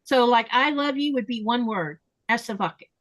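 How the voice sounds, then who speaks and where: A chatty woman hosts a relaxed podcast conversation, her voice sitting a little high. She slows down to spell out pronunciations and repeats words carefully. The sound is close and dry, with no room echo. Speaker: podcast host. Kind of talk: casual chat.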